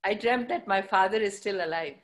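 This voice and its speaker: A middle-aged woman in fitness, answering interview questions thoughtfully with many pauses and fillers. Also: medium pitch. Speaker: fitness professional guest.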